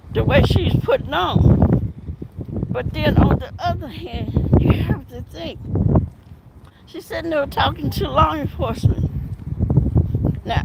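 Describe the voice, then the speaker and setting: A woman with a numb mouth talks slowly and casually while out on a walk, drawling through her points with laughing asides. Her voice sits high, and a phone picks her up over heavy outdoor noise. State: mouth numb from dental work. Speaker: vlogger, former detective. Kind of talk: casual commentary. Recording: loud outdoor background noise.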